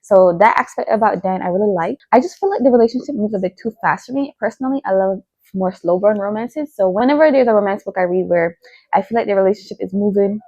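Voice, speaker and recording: Fast-talking young woman chatting about books. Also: medium pitch, dark tone, no room sound, highs cut off. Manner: chatty, lots of "like" and "you know". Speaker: book vlogger. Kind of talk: casual chat about books.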